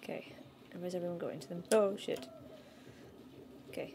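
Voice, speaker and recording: A woman streaming a game from home into a desk mic, yelping and shouting at it with lots of exclamations. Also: fairly low pitch, moderate pace, pauses often, a little hiss or hum. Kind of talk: live gaming stream commentary. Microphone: new desk mic.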